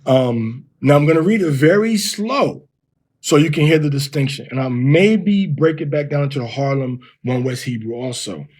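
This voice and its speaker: A man teaches in a husky, slightly breathy voice. He walks through examples one step at a time, slowing down to sound words out. His pitch sits in the middle of the male range. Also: darkish tone. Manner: explains step by step, reads verses aloud slowly. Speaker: Hebrew teacher. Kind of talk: informal recorded lesson.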